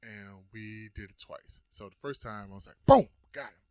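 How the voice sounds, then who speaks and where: A man chatting casually as a podcast guest, telling stories with lively energy and acting out the quotes. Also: on the low side, normal speed. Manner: animated storytelling, acts out quotes. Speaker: guest storyteller.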